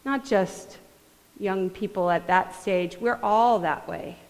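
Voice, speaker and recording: A woman's voice: mid-range voice, slow. A middle-aged woman preaching a sermon in a conversational way, acting out quoted voices. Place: church sanctuary. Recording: long hall reverb.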